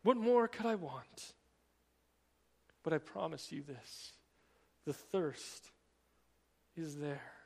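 A man preaching a sermon, swinging between emphatic raised passages and quiet, drawn-out emphasis. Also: a little high, long reverb tail. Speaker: pastor.

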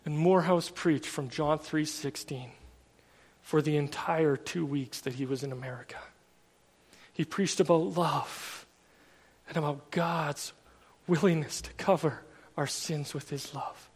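High-voiced preacher in echoing hall. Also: male voice, unhurried, husky. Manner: casual storytelling with fillers like "like" and "kind of". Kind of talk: conversational sermon. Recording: long reverb of a large hall.

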